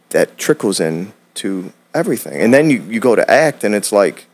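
A man's voice: lowish voice, very animated, moderate pace. Blunt, profane man from Detroit. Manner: blunt, profane, acts out quotes in voices. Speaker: guest, acting coach. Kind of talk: casual podcast chat.

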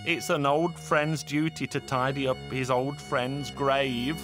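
A man's voice: mid-range voice, flat delivery, takes it slowly, pitched above the performer's own voice, lightly acted. A man voicing a sly old man who speaks in a coaxing, mock-polite way over fiddle music. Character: sly poor old man, persistent friend. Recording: folk fiddle music behind.

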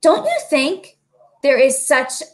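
A woman's voice: sits high, sing-song, takes it slowly, pitched above the performer's own voice, exaggerated voice. A woman voicing a patient father who reasons earnestly with his son in a storybook reading. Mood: reasoning.

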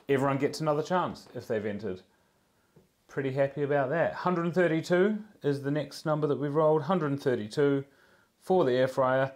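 A man with a New Zealand accent hosts a live prize draw, chatting easily with the viewers. His voice sits at an ordinary middle pitch. He keeps up a loose, friendly commentary while he reads out numbers. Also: a little mellow. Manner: chatty, easygoing, talks to viewers in the chat while working.

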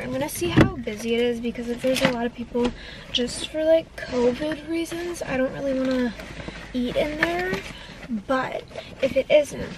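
A young woman chats to her vlog viewers in a high, bright voice, rambling and giggling as she goes. A noisy background sits under her talk. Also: recorded from a distance. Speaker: vlogger. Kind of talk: casual vlog chat.

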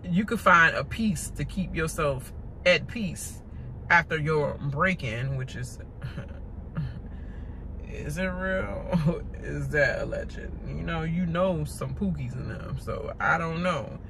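A woman hosting a casual TV recap rant, animated and mocking, with lots of laughter and stammered fillers. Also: low-pitched, slow pace, creaky, noisy background. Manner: stammering filler-heavy delivery. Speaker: reality TV recap host.

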